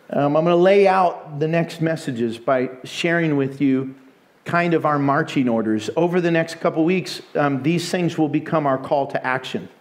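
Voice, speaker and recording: A man preaching a sermon with animated storytelling and frequent laughter. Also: on the high side.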